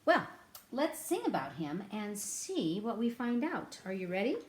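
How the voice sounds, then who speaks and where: A woman's voice: mid-range voice, sing-song, unhurried. Echoey playful woman teaching kids music. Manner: chatty, playful, speaks to kids, breaks into song. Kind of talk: children's music lesson with singing. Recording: echoey room with ukulele.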